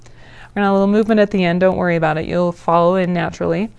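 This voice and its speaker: A woman teaching a yoga breathing practice in a casual, encouraging way, with playful asides and breathy demonstration sighs. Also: on the low side, fairly even intonation, a little mellow, dull audio. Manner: breathy sighs and drawn-out ahs while demonstrating. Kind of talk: guided yoga class instruction.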